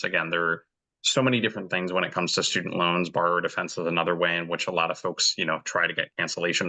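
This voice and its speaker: A man explaining student debt options in an online teach-in, measured with many fillers. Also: low voice, pushed and bright. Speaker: debt organizer. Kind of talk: explaining in a meeting.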